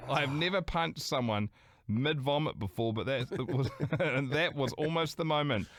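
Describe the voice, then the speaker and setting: A man's voice: medium pitch, normal speed, a bit bright, dry recording. A man co-hosting a podcast, reading listener stories aloud with lots of swearing and dramatic flair. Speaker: podcast co-host.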